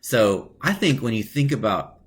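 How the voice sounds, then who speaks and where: A man's voice: medium pitch, very animated, normal speed, slightly rough. A male teacher leading an online class for kids, talking in a casual, upbeat way and often checking in with "right?".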